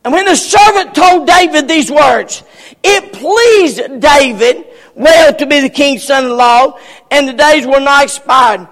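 A man pastor preaching a sermon in an emphatic, folksy style, often raising his voice to a shout. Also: extremely high pitch, expressive, a little slow. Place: church sanctuary. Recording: long hall reverb.

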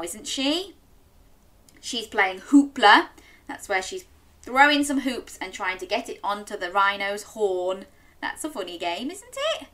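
Animated sing-song woman reading to little kids. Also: medium pitch. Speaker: children's storyteller. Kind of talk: interactive story reading for children.

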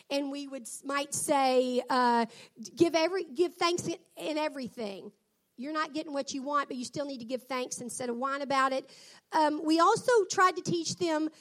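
A woman's voice: high voice, fairly bright tone. A middle-aged woman and mother, talking earnestly and reflectively about raising her sons. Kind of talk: personal talk on parenting.

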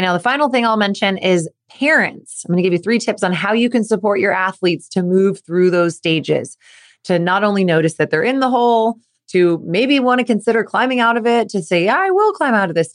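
A woman host of a sport-coaching podcast, speaking casually straight to her listeners. She keeps an easy, conversational flow and slips into brighter, playful voices when she acts out what a parent might say. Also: fairly low pitch. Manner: animated, acts out quoted questions in a lively voice. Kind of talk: casual solo podcast talk.

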